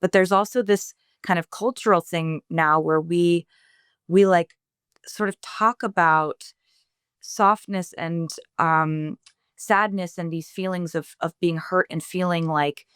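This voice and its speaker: Reflective woman with a smooth, lowish voice. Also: fairly even intonation, slow, a bit bright, no room sound, clean studio sound. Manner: reflective, searching for words as she talks. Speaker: singer-songwriter guest. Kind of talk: casual interview. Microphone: video call.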